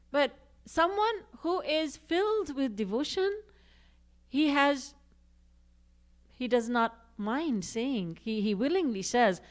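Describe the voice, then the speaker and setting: A woman's voice: high-pitched, expressive, takes it slowly, long pauses. A woman giving a devotional discourse, reciting verses and acting out quoted speech with expression. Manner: recites Sanskrit and Hindi verses. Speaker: spiritual teacher.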